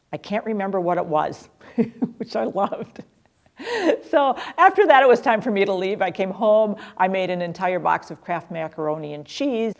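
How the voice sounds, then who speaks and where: A middle-aged woman tells a personal story in a chatty, self-deprecating way, laughing at herself. Her medium-pitched voice is gravelly with a darkish tone.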